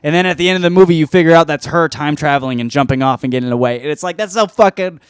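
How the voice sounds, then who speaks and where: A man's voice: fairly high pitch, rapid-fire, clean tone, no echo, clean studio sound. A man hosting a podcast, reviewing a film in casual, rambling chat full of swearing and restarts. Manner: rambling, profane, self-interrupting. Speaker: podcast host.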